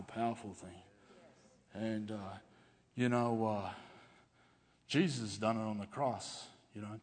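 A middle-aged man preaching a testimony sermon to a congregation, talking in a halting way with many fillers and restarts. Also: lowish voice. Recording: long reverb of a hall.

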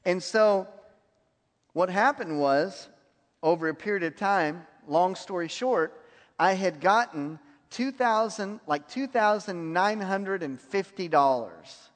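Male preacher, high voice, animated storyteller who laughs easily, long hall reverb. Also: takes it slowly. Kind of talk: sermon testimony.

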